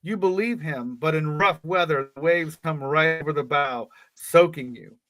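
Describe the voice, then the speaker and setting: Man, podcast co-host, reads aloud, jokey asides, slightly high voice, dry sound. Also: moderate pace, pushed and bright, dry recording. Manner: joking, laughs between lines. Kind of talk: casual reading with jokey asides.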